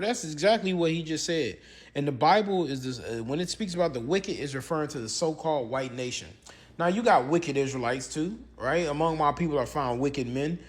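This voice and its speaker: Casting: male preacher-commentator, higher voice, very lively swings, emphatic and repetitive, rhetorical questions. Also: slightly rough. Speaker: religious commentator. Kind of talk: preaching commentary with scripture reading.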